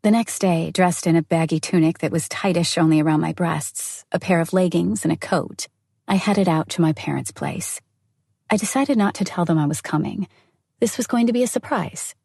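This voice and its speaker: A woman narrating a novel in the first person, in an even, intimate storytelling manner. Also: fairly low pitch, normal speed, vocal fry, slightly rough, dry recording. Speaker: audiobook narrator.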